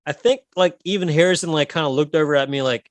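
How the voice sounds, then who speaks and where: A man in his thirties co-hosting a comedy podcast, telling animated stories and swearing freely. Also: a little high, quick pace, no echo. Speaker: podcast co-host. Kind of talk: casual comedic chat.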